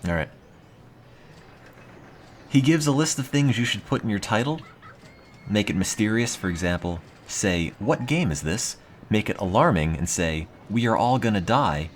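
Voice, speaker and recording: A man streaming casually, reading aloud with a dry, deadpan, self-mocking monotone. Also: fairly low pitch, moderate pace, pauses often, slight background noise. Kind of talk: casual live-stream chat.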